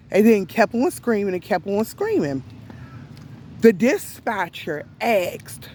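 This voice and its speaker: Woman storyteller, plain casual delivery, deliberate and emphatic, unhurried pace. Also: medium pitch, expressive, darkish tone. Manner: deliberate, emphatic, with rhetorical questions. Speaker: storyteller recounting an event to viewers. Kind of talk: casual spoken retelling.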